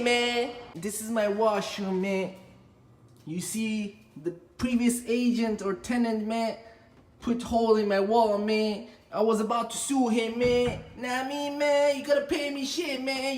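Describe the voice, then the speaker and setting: A man's voice: very high voice, steady tone, unhurried, pitched above the performer's own voice. A man putting on a swaggering streetwise young man for a comic vlog bit, bragging and tagging every phrase with "man" in an empty condo. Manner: boastful, mock-tough, joking. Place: bare condo apartment. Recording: echoey room with long reverb.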